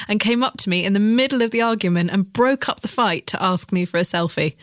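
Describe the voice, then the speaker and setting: A woman hosting a podcast, telling candid, lively anecdotes in casual chat. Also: medium pitch, fast talker, no room sound. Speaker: podcast host.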